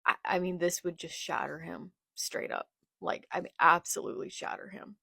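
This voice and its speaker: A woman's voice: lowish voice, normal speed, gravelly, bright, forceful tone, husky, dry recording, clean studio sound. A young woman reacting live as she reads a manga, murmuring along and bursting into anguished outbursts. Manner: emotional, swings from murmured reading to anguished outbursts.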